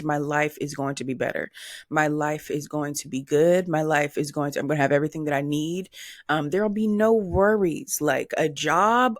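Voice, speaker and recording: A woman in her twenties hosts a solo podcast, recorded dry with clean studio sound. She speaks candidly and animatedly, swears, and imitates other people in a high-pitched voice.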